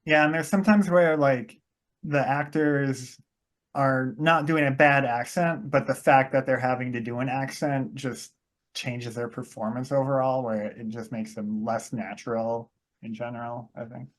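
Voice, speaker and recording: A man's voice: mid-range voice, fairly even intonation, unhurried. A man with a Wisconsin accent talking casually on a podcast, thoughtful, saying "like" often and correcting himself as he goes. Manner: thoughtful, heavy use of "like", self-correcting. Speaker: podcast host. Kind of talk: casual chat.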